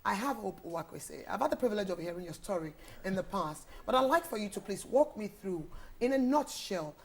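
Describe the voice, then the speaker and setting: A woman's voice: mid-range voice, a little fast, slight background noise. Effusive woman hosting a TV panel. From Nigeria. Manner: effusive, lively greetings and praise of guests. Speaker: TV show host.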